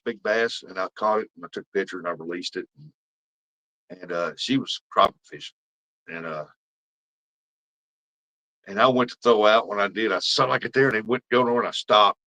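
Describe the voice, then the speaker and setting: A lowish, pushed, bright male voice comes through a low-quality recording. The speaker, a middle-aged livestream host, rambles folksily through fishing stories while casually chatting with viewers.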